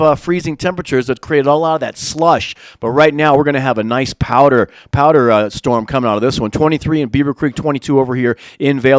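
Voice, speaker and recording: A man's voice: medium pitch, no room sound. Chatty morning-show host man, dry sound. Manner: rambling, friendly, many fillers and restarts. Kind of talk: casual live morning show chat. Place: hotel TV studio.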